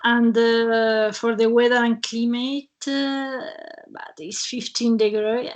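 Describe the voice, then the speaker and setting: A woman hosting an online webinar in a casual way. She talks haltingly, with many fillers and restarts, and laughs often between phrases, over a video call. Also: fairly high pitch, flat delivery. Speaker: webinar host.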